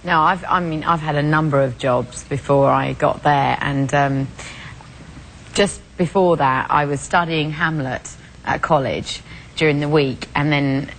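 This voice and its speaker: A British woman from England, a talk show guest chatting casually and telling animated stories. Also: deep voice, measured pace, slight background noise, poor audio. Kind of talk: casual chat.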